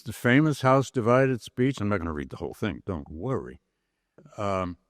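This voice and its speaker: An older man, a history professor, giving a university lecture with lively storytelling and dramatic read-out quotes. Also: mid-range voice, dry recording, clean studio sound. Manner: storytelling lecturer, animated quoting of historical speeches. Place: large chapel lecture hall.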